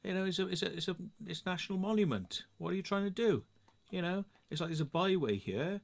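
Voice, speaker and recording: A middle-aged English man telling a story in a sweary, sarcastic, animated rant to camera. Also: sits high, a little fast, creaky. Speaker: vlogger. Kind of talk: casual ranting monologue.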